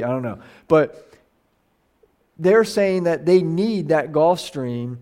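This middle-aged man, a pastor, teaches Bible study with lively intonation, a medium, mellow pitch and a moderate pace. The sermon feels casual and conversational, full of animated restarts and acted-out quotations.

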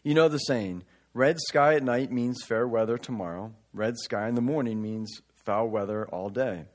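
A man preaching a conversational sermon, reading scripture and breaking into casual asides, swinging between loud emphatic lines and quiet remarks. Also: mid-range voice, normal speed. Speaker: pastor.

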